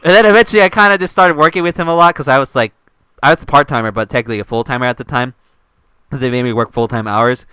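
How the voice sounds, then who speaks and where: A young man hosting a casual chat, telling stories in an animated, laughing way. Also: mid-range voice, rapid-fire, smooth, dry recording. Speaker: channel host.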